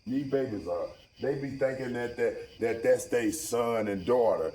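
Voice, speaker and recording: A man's voice: mid-range voice, unhurried, dark tone, poor audio. A man in a casual, profane monologue, rambling and preachy with heavy slang. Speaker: vlogger.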